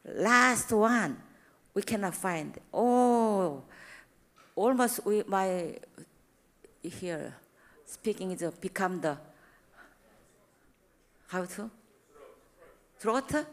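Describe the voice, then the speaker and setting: A woman's voice: medium pitch, animated, extremely slow, long pauses. A middle-aged woman with a Korean accent, a non-native speaker preaching in broken English, animatedly acting out the dialogue of her stories. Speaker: church speaker. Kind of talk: sermon with anecdotes.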